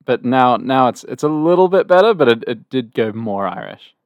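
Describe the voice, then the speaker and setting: A man co-hosting a podcast in an easygoing chat, playful and quick to joke, tripping over his words and restarting. His voice sits at an ordinary middle pitch, and it is recorded dry and close with no room sound. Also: sing-song, no room sound. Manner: playful, stumbling restarts, laughs often. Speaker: podcast co-host. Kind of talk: casual chat.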